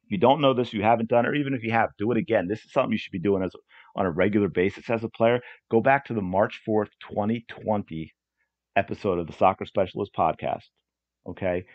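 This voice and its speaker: A man's voice: lowish voice, quick pace, no room sound, lo-fi sound. A man hosting a solo coaching podcast, talking in an earnest, repetitive way with frequent restarts. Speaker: podcast host and soccer coach.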